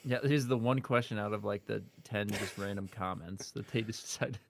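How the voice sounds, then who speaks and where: A man guest on a casual tech podcast, chatty and quick to laugh, with plenty of fillers. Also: fairly low pitch, creaky, slight background noise.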